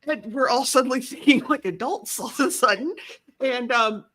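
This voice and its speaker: A woman's voice: high-pitched, normal speed, pushed and bright. A woman guest talking casually in an interview, rambling and self-deprecating, often restarting her sentences. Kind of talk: casual conversation.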